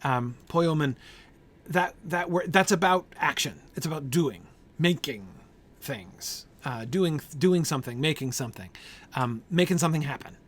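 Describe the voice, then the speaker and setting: A man's voice: a little high, lively intonation, normal speed. A man leading an informal Bible study group. He thinks aloud with many fillers, keeps checking in with "right?", and answers group members by name.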